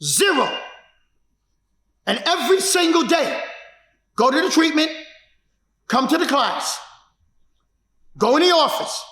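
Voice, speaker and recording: Martial arts teacher guy telling his story, punchy and repetitive, bright sharp voice, roomy echo. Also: very high-pitched, lively intonation, unhurried, long pauses. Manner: emphatic, repetitive, builds to shouts. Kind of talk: personal storytelling. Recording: echoey room.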